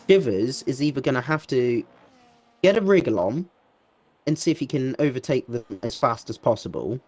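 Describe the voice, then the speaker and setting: A man's voice: medium pitch, expressive, normal speed, darkish tone. A man giving analytical co-commentary on a sim racing broadcast, often restarting and repeating words. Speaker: race commentator.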